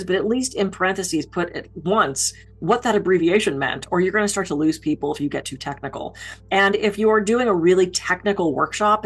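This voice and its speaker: Woman keynote speaker with a slightly low voice, chatty and relatable, telling stories. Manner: expressive, down-to-earth storytelling. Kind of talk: conversational speaking advice.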